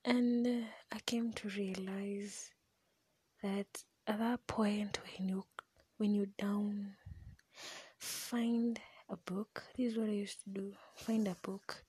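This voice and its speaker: A woman's voice: medium pitch, fairly even intonation, slow, darkish tone, slightly rough. A young woman with a Kenyan accent telling a personal story in a mostly whispered voice, mixing English with Swahili slang.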